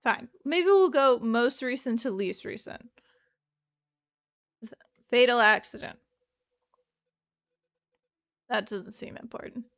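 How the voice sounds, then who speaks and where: A woman's voice: on the high side, expressive, a little slow, pauses often, fairly bright tone. A woman giving chatty, joking commentary while playing a detective game. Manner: chatty, joking, laughs often. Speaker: game streamer. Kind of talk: casual gameplay commentary.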